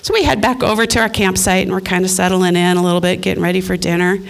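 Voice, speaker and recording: A woman's voice: fairly low pitch, steady tone, quick pace, creaky. A middle-aged woman telling a personal story, acting out her own thoughts and the voices of others.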